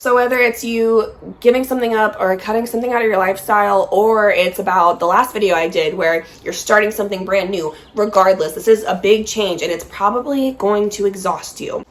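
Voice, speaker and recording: A young woman rambles through a relaxed, casual chat. She is stoned and easily sidetracked, swearing freely and giggling. Her voice sits at an ordinary, middle pitch. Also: a little fast. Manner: high and easily distracted. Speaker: vlogger and podcast host. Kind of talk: casual chat while smoking.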